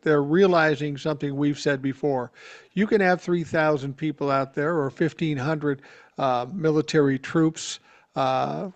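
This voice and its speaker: A man from Georgia calling in as a regular guest on a political talk show, speaking bluntly and steadily with some cursing. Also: a little high.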